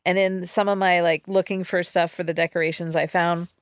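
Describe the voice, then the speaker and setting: A woman's voice: fairly low pitch, little pitch movement, fairly quick, smooth, no room sound, clean studio sound. A woman co-hosting a podcast in casual chat, reacting with short, amused replies. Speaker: podcast co-host.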